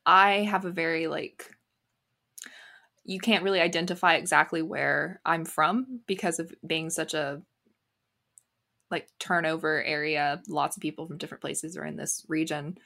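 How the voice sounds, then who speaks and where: An American woman talking as a guest on a podcast, bubbly and quick to laugh. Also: deep voice, steady tone, vocal fry, sharp tone. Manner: bubbly, laughs often, many fillers. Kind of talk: casual interview chat.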